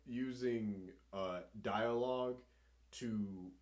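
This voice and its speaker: Male co-host, mid pitch, laid-back film commentary. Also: drawn-out words, darkish tone. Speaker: podcast co-host. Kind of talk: casual movie review chat.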